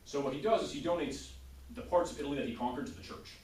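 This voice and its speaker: A man's voice: fairly high pitch, fast. A male teacher giving a casual history lecture in class, often checking in with his students by asking "right?". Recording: roomy, distant classroom sound.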